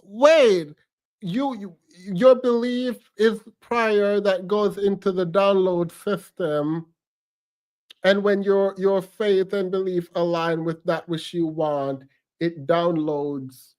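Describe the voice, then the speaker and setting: A man's voice: sits high, slow, darkish tone. A man giving casual, sassy reaction commentary on a clip. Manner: sassy, chatty, calls the speaker "girl".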